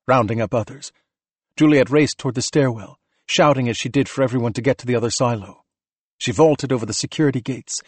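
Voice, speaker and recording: A man narrating an audiobook in a steady, measured reading voice. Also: mid-range voice, breathy edge, no echo. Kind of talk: scripted narration.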